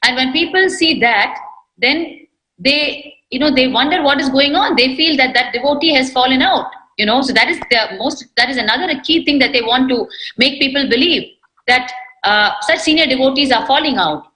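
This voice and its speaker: Brief: woman panelist, bright tone, hesitant earnest devotional talk, echoey room. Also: sits high, normal speed.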